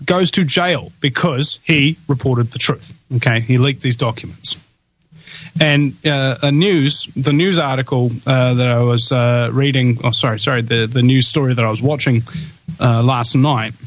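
A man's voice: mid-range voice, no echo. A man from New Zealand hosting a political talk radio show, speaking in an impassioned, rallying way with many restarts and fillers.

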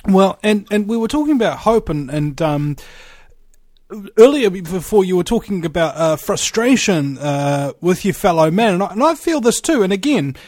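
A man's voice: high-pitched, big pitch swings, moderate pace, a little mellow, no echo, clean studio sound. A man hosting an interview conversation, hesitant with frequent fillers as he tells stories. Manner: hesitant, many fillers, storytelling. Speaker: host.

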